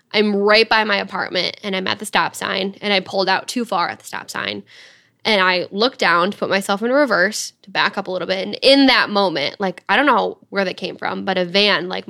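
A young woman tells a story fast and casually in a medium-pitched voice that's creaky with a sharp tone. She's chatty and sprinkles "like" all through her speech.

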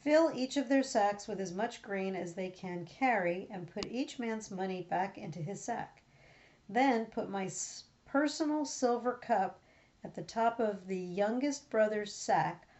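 A woman reading out the part of a stern, powerful male ruler in a measured, plain reading voice. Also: mid-range voice, a little mellow, lightly acted. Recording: dull lo-fi recording.

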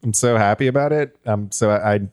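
A man's voice: fairly low pitch, fairly quick, a little mellow, smooth. A man co-hosting a podcast, cheerfully playing along in casual chat. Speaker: podcast co-host.

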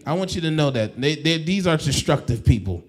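A man's voice: fairly high pitch, lively intonation, brisk. A male pastor preaching a sermon. He repeats and restarts phrases and calls on the congregation to answer back. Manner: swings from soft to loud exhortation.

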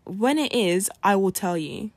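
A woman's voice: medium pitch, animated, measured pace, no echo. A woman voicing a sly, scheming male rabbit trickster in a spoken folk tale, with a coaxing, wheedling manner. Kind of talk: storybook reading.

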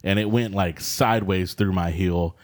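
Deep-voiced laid-back man. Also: fairly even intonation, normal speed. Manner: laid-back, rambling, laughs often. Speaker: podcast co-host. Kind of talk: casual chat.

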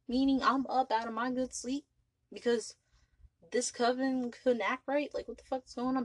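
An ancient vampire lord rants in profane street slang about being woken a century early, as a woman puts him on. The voice sits noticeably higher than her own and stays exasperated throughout. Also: dry recording, close to an everyday voice.

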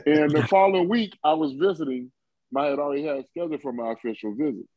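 A fast-talking man in his fifties from Ohio, his voice on the high side, rambles through a story in an interview, full of filler words and frequent chuckles. He's a former football player, and the conversational tale is captured in a dull, lo-fi recording with no room sound.

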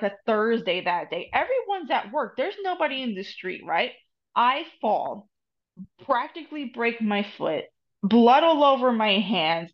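Brief: animated New Jersey woman guest, brash and profane, higher voice, dull podcast sound. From United States. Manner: profane, animated, mixes in Spanish phrases. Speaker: podcast guest, Reiki master and tarot reader. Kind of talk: casual storytelling chat.

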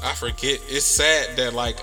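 A man's voice: medium pitch, fairly even intonation, normal speed, sharp tone, long reverb tail, faint music behind. A man hosting a podcast, telling a story in a casual, rambling way with plenty of fillers. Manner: laid-back, rambling with many fillers. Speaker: podcast host.

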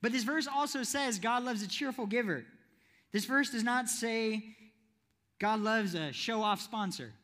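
In a church hall, a man with a strikingly high voice preaches to young people, keeping things playful and asking the audience questions. He talks a little slowly with a pushed, bright tone, and every phrase fades into long reverb.

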